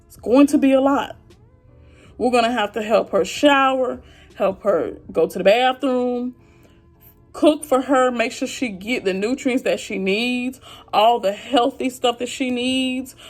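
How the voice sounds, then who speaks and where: Frustrated high-voiced woman venting. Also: takes it slowly, soft background music. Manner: frustrated, heartfelt, talks straight to viewers. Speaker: vlogger. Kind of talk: emotional venting to camera.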